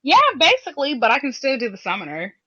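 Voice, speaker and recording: A woman's voice: a little high, big pitch swings, fast talker, sharp tone, slightly rough. A woman co-hosting a casual podcast, explaining things at length in a rambling way with many restarts. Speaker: podcast co-host. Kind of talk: casual chat. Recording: dull lo-fi podcast recording.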